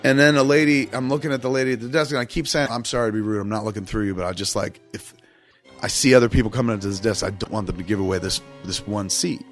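A man's voice: lowish voice, steady tone, fast talker, faint music behind. A man casually telling a long, rambling, profane story on a podcast, acting out what everyone said. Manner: profane, rambling, acts out quotes.

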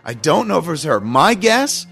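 A man hosting a casual chat, telling a long story in an emphatic, profane, animated way. His voice sits a little high and swings widely in pitch. Faint music plays behind him. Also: moderate pace, creaky.

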